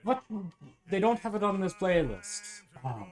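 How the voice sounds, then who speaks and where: Swearing streamer putting on an Irish accent. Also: male voice, high-pitched, big pitch swings, measured pace. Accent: put-on Irish. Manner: swears often, laughs a lot, chatty asides to viewers. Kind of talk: casual livestream chat while cooking.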